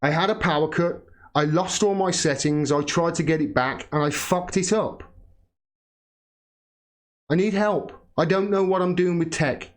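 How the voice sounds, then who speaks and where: Man, fiery political rant, swearing, voice a touch high. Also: unhurried. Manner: heated, swearing, rising to shouting pitch. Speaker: political commentator. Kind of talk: angry political rant to camera.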